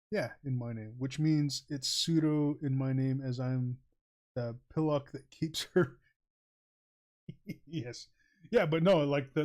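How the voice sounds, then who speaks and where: A man's voice: on the high side, a little mellow. Rambling, chuckling male streamer. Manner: rambling, chuckling often, many fillers. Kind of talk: casual livestream chat while drawing.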